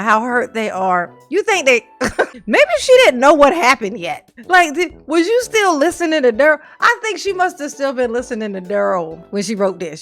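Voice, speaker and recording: A high-pitched woman reads a letter aloud and picks it apart in casual, mocking commentary. She laughs often and talks in a loose, chatty way full of rhetorical questions. Faint music plays in the background. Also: fairly bright tone. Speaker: channel host reading and reacting to a letter.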